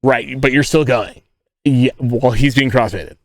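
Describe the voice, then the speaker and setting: A man's voice: medium pitch, measured pace, dry recording. Young male streamer, crude rambling humor, dry sound. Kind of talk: casual live-stream chat and storytelling. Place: inside a tent.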